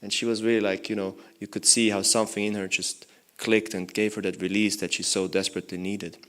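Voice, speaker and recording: A man's voice: fairly low pitch, flat delivery, brisk, fairly bright tone. A young man, a monk, giving a morning lecture in a temple, telling a story in a loose, conversational way with many "you know"s. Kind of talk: storytelling sermon.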